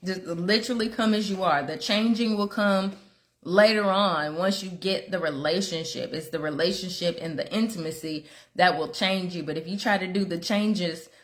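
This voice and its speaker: A woman's voice: on the low side, moderate pace. A woman in her thirties giving a candid personal testimony, chatty and self-deprecating, with frequent laughs and acted-out quotes of her own thoughts. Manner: rambling with fillers and quoted inner dialogue. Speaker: guest speaker telling her faith story.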